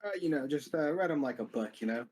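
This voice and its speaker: A man's voice: a little high, quick pace, a little mellow, slightly rough. A man being interviewed after a match, laid-back and joking, who fills his talk with easy fillers and the odd swear word. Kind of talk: casual post-match interview.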